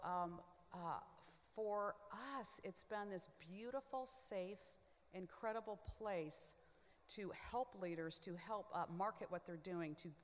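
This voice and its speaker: A woman telling her own story on a panel, chatty and full of asides. She swings from hushed to loud and back. Her voice sits in the middle range and carries a long reverb tail. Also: mid-range voice. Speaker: panel guest. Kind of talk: animated personal testimony.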